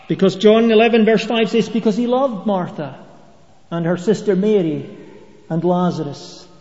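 Middle-aged male preacher, high mellow voice, dull roomy church recording. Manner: conversational preaching with rhetorical questions. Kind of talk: sermon. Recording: dull echoey hall recording.

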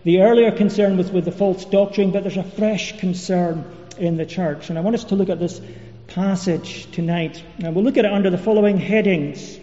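A man preaching a sermon in a measured, expository way, with occasional fillers. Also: sits high, dark tone. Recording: dull echoey church hall recording.

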